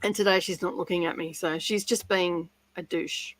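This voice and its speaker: A woman's voice: on the low side, steady tone, moderate pace, no echo, rough recording. A woman hosting a casual livestream chat from home, chatty and giggly, often rambling. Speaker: livestream host.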